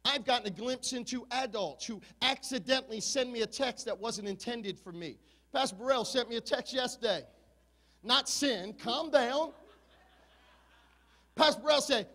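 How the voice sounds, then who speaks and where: A man in his fifties with a very high voice preaches with passion. He swings between shouted peaks and low, confiding asides to his congregation. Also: normal speed, big-room sound. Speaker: pastor. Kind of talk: sermon.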